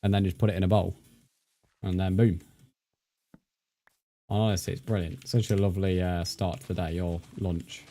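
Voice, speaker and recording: This streamer has a low-pitched, warm voice with a flat delivery, moving at normal speed and pausing often. He rambles in casual chat while gaming live, thanking viewers by name.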